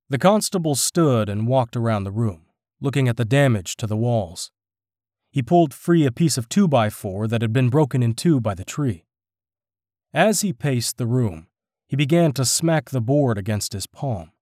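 A male narrator reads a story aloud in a steady, expressive way. His intonation is very lively. The recording is dry and close. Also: medium pitch, normal speed, no echo. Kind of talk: audiobook narration.

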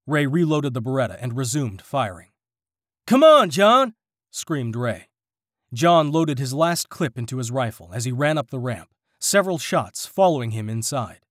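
A man narrating an audiobook in a steady, expressive reading. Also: medium pitch, normal speed, no echo, studio quality.

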